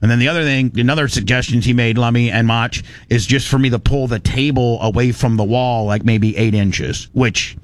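A man's voice: mid-range voice, fairly even intonation, normal speed, few pauses. A man hosting a radio show in a broadcast studio, telling a story in a blunt, heated, rambling way with many restarts. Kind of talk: on-air storytelling rant. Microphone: studio microphone.

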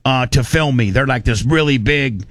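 A man's voice: medium pitch, moderate pace, fairly bright tone. A male radio host rants into a studio microphone, blunt and heated, often stopping and starting over mid-sentence. His voice sits in a middling register. The studio sound is dry and close, with no room echo. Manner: heated, blunt, rambling with restarts. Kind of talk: on-air storytelling rant. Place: broadcast studio.

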